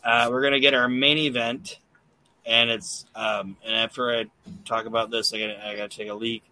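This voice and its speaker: Speaking at a moderate pace in a level, mid-range voice that's bright and forceful, a man hosts a casual wrestling-recap podcast. He rambles, curses plenty, and uses lots of fillers, with no echo in the recording.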